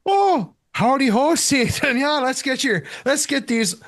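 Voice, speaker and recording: A man doing a deliberately bad Irish accent, playing a flustered medieval Irishman talking to Satan. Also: big pitch swings, fairly bright tone, exaggerated voice. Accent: put-on Irish, admittedly bad. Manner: exaggerated, high and sing-song.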